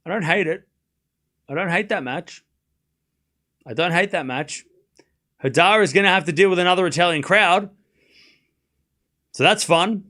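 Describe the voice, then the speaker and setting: A man's voice: sits high, normal speed, pauses often, sharp tone. A man hosting a live stream, chatting casually, often laughing and joking sarcastically as he reads and answers his chat.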